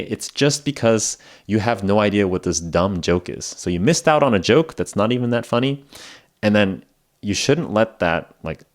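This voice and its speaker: A man hosting an English-learning podcast, talking in a casual, rambling way with lots of fillers and laughing at himself. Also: lowish voice. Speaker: podcast host teaching English. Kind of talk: casual spoken lesson. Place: lives in Japan.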